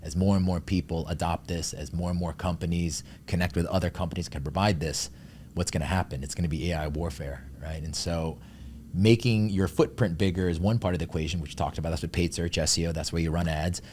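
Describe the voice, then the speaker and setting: A man, a guest on an interview, explaining his work in a quick, confident, salesy way. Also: fairly even intonation, darkish tone, a little hiss or hum. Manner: fast, confident pitch-style explaining. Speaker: guest, marketing company founder. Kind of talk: casual interview chat.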